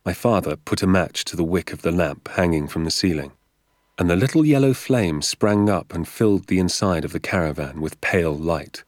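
A man reading a storybook aloud as narrator, measured and expressive. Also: low voice, no echo, clean studio sound. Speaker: audiobook narrator.

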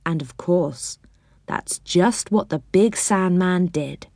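A woman reading a children's story aloud, expressive and unhurried. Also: lowish voice, no room sound, clean studio sound.

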